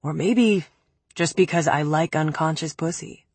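A woman voicing a cold, cruel young man who speaks calmly and cuttingly in a low, flat tone. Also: a little slow, breathy edge, no room sound. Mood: cold, menacing.

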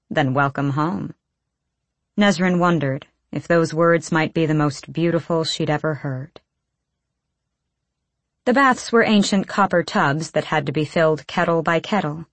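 A woman reading a novel aloud as an audiobook narrator, in a steady storytelling manner. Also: low-pitched, no room sound. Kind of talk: scripted narration.

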